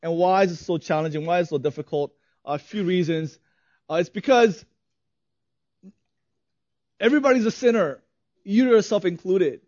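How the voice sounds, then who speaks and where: A man's voice: sits high, normal speed, pauses often, darkish tone, dry recording, lo-fi sound. A man in his thirties preaching a sermon as a pastor, conversational, often asking "right?" and laughing lightly.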